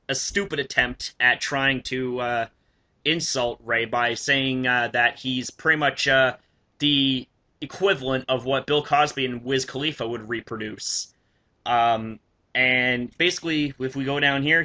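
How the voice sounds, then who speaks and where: Young man, vlog rant, indignant, swearing, very bright tone, fillers. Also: mid-range voice. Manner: indignant, swears a lot, many fillers and restarts. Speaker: YouTuber. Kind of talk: ranting commentary over screenshots.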